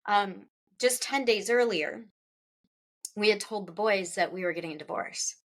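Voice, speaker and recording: A middle-aged woman, an author being interviewed, recounting a personal loss in a halting, emotional way, with restarts and pauses and her voice rising at the hardest moments. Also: medium pitch. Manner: halting, with restarts and pauses; voice rises when recalling distress.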